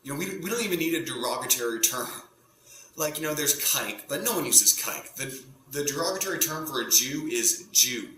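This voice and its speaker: A male stand-up comedian talks to camera in a bright, forceful voice, often cutting himself off and circling back to his point. The sound is roomy and echoey, and a faint hum runs under it. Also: mid-range voice, lively intonation, brisk. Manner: rambling, self-interrupting, provocative. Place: home setup in front of a green screen.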